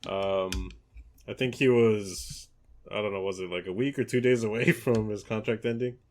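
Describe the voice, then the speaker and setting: A man hosting a football podcast in casual chat, relaxed and hesitant, with many ums and restarts. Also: lowish voice, normal speed. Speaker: podcast host.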